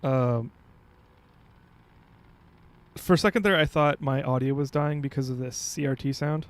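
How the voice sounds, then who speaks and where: A man streaming a video game from home, chatting casually and reading game text aloud with quick asides. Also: medium pitch. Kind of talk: casual gameplay commentary.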